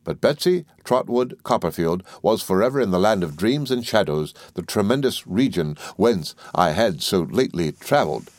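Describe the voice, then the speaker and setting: Low-voiced guy reading a classic novel aloud, steady and measured, dry recording. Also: dry recording. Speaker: audiobook narrator. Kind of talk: scripted narration of a classic novel.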